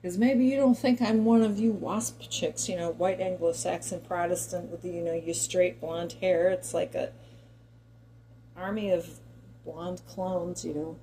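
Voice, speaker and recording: Chatty woman with a warm, mellow voice. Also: fairly low pitch, steady tone, unhurried, rough recording. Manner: chatty and digressive, talks directly to viewers. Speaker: commentary vlogger. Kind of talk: opinion monologue to camera.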